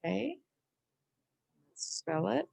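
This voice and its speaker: A middle-aged woman teaching a slow spelling lesson, overpronouncing each sound and syllable. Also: mid-range voice, big pitch swings, vocal fry, darkish tone, breathy edge, dry recording.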